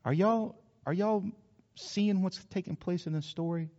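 Man, animated folksy sermon, high-pitched, muffled, long reverb. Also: measured pace. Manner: folksy, animated, asks the congregation questions. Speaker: preacher. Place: church hall. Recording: dull sound, long hall reverb.

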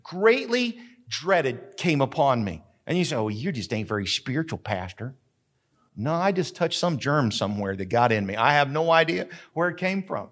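Emphatic pastor preaching. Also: male voice, on the high side, a bit bright. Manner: emphatic preaching with stretched, drawn-out words. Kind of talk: sermon.

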